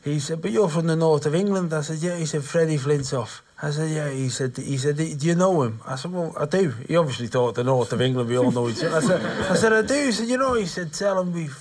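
A man's voice: fairly high pitch, animated, quick pace, hardly any pauses, a little mellow. A male host in a casual chat, chatty, prompting his guest with questions and telling his own stories.

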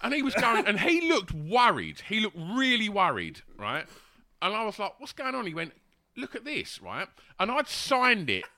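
Laughing bloke. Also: male voice, sits high, wildly swooping pitch, moderate pace, sharp tone, no echo. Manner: rambling, laughing, full of fillers and restarts. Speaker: guest telling a story. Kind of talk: casual anecdote.

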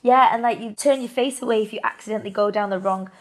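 A young woman co-hosting a podcast, chatty and quick to laugh. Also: medium pitch, poor audio. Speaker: podcast co-host. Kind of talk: casual chat.

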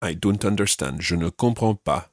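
A man hosting a podcast language lesson, patiently giving English phrases and repeating the answers slowly and clearly. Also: low-pitched, no echo, studio quality. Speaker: language teacher host.

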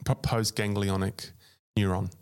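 A man's voice: fairly low pitch, little pitch movement, unhurried, a little mellow, clean tone. A man co-hosting an educational podcast, dry and matter-of-fact, dropping in short remarks during casual chat. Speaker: podcast co-host.

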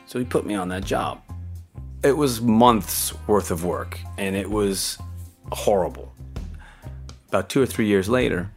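A man's voice: on the low side, a little slow, pauses often, soft background music. An older man casually telling a story from his own past, rambling a little, with fillers and restarts. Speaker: interviewee recalling his music-business career.

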